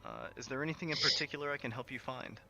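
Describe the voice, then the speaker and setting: A man voicing a grieving, weary female shopkeeper who speaks politely and hesitantly, with halting restarts. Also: mid-range voice, creaky, pitched above the performer's own voice, lightly acted. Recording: background music under the voice.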